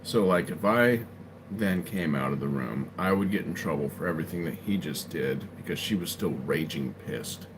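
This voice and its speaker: A man at home rambles through a personal story for his live chat, casually checking in with "right?" again and again. He speaks at a normal speed in a low-pitched, animated voice, with background noise around him.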